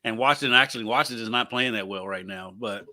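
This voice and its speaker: A man co-hosting a casual sports podcast, relaxed and chuckling between points. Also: lowish voice, quick pace, a crowd in the background. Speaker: podcast co-host.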